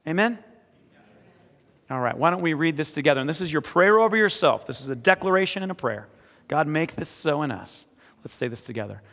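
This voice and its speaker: A man preaching a sermon as pastor, moving between quiet, earnest reading and emphatic exhortation. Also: on the high side, lively intonation, a little fast, creaky. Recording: echoey hall with long reverb.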